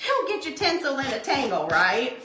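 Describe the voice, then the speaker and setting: A middle-aged woman hosting a crafting livestream, chatting excitedly with viewers as she works. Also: sits high, moderate pace, crowd noise. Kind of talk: casual live chat while crafting. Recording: echoey room.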